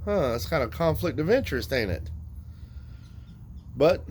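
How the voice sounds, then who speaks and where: A man's voice: on the high side, sing-song, unhurried, a little hiss or hum, poor audio. A man, speaking bluntly and profanely as he rants straight at his viewers. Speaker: vlogger. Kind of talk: casual ranting monologue to viewers.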